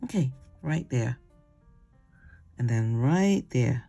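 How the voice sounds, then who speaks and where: A watercolor instructor giving a casual painting demonstration, chatty and digressive, who coaxes gently and ends steps with "okay?". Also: mid-range voice, expressive, slow, creaky, faint music behind.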